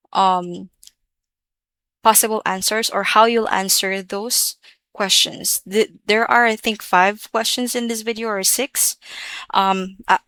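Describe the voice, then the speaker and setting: A woman walks through a relaxed, chatty language lesson at a middling pitch. She repeats each example phrase a few times. The sound is dry and close, with no room around it. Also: dry recording. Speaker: language teacher.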